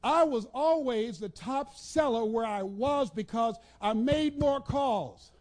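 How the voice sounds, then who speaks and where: Guy giving a fired-up motivational talk, preachy rhythm, makes the crowd repeat stuff, really high voice. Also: takes it slowly. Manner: preacher-like cadence, builds with repetition, bursts into shouts; commands the audience to repeat and write things down. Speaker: motivational speaker. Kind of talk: motivational speech to a live audience.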